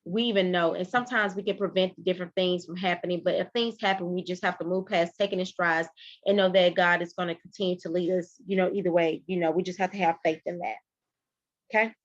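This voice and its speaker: A woman's voice: lowish voice, fairly even intonation, fast, dry recording. Woman lecturing in a dull, dry recording. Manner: conversational, rambling, many fillers. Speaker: nursing instructor. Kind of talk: lecture with personal story.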